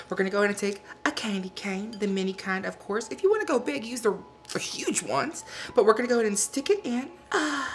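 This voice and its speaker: A man's voice: high voice, a bit bright, a little hiss or hum. A man performing a bubbly, sassy woman who hosts a holiday cooking show, cheerful and campy, calling the viewers "y'all".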